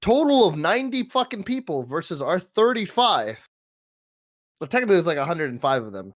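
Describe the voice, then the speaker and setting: A young man co-hosting a podcast, chatting casually about games, excitable and swearing freely. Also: high-pitched, brisk. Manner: excitable, swears a lot, laughs often. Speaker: podcast co-host. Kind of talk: casual gaming chat.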